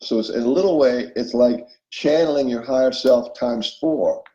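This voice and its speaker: A man's voice: mid-range voice, moderate pace, dark tone, roomy sound, highs cut off. A man as an interview guest, explaining spiritual self-help ideas and checking in often with his listener. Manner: explanatory, acts out inner voices, checks in with listener.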